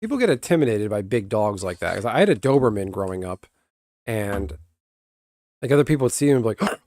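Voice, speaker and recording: A man's voice: lowish voice, animated, fast talker, darkish tone, no echo. Blunt young man chatting on stream. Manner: rambling, blunt, swears casually.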